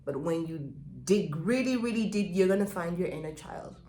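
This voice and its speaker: A woman's voice: on the low side, animated, moderate pace, dark tone. A woman coach giving a reflective self-help vlog talk, repeating and stressing key phrases. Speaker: pleasure and spirituality coach. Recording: echoey room.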